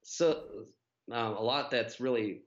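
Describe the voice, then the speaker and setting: A man's voice: mid-range voice, slow pace, muffled recording. A man, a guest on a running podcast, telling his race story in a casual, rambling way with many fillers and restarts.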